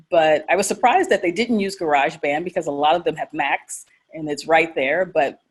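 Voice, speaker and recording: A woman lecturer presenting survey results at a conference over a video call, quick and informal. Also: low voice, husky. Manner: quick, informal, many fillers. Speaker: journalism lecturer and panelist.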